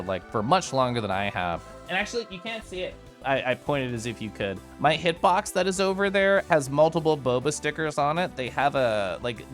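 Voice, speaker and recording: A man's voice: mid-range voice, a bit bright. Man, casual stream chat, giggly, chatty, faint music in the background. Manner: giggly, bubbly, chatty with many asides. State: tipsy from whiskey earlier. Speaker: streamer recapping VR chat meetups. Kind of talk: casual livestream chat to viewers.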